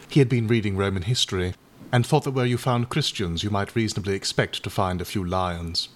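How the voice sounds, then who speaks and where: Reading a classic short story aloud from a script, a male audiobook narrator keeps a steady, even storytelling tone in a fairly low-pitched voice.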